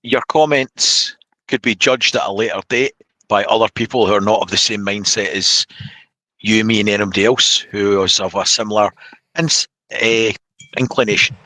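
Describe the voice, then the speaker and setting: A man co-hosting a casual podcast chat, dropping wry, deadpan asides. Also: on the low side, normal speed, no room sound, poor audio. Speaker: podcast co-host.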